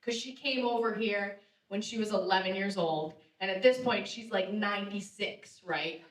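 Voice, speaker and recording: A young woman performing a lively stand-up comedy set in a theater, laughing at her own jokes and shouting the punchlines. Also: medium pitch, moderate pace. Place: live theater stage. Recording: roomy theater sound, distant mic.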